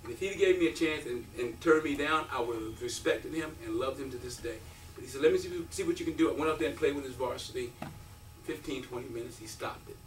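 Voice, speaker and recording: A man in his fifties, a former college basketball player, giving an animated storytelling speech at a breakfast event, acting out quotes and laughing often. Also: mid-range voice, fast talker, slight background noise. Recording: roomy, from a distance.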